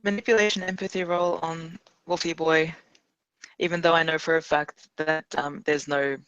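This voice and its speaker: A man's voice: a little high, level tone, normal speed, pushed and bright, smooth, dry recording, muffled recording, soft background music. A man playing a tabletop game, talking casually and hesitantly. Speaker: player.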